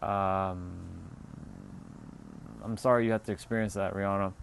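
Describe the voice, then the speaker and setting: Brief: male livestream host, low voice, unhurried and friendly with chat, faint hiss behind. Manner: relaxed, answers chat comments one by one.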